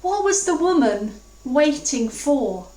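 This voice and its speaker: A woman from England preaching a sermon, reflective and earnest, slowing down to stress key words. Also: high-pitched, very animated, dark tone. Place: church hall. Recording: roomy, distant mic.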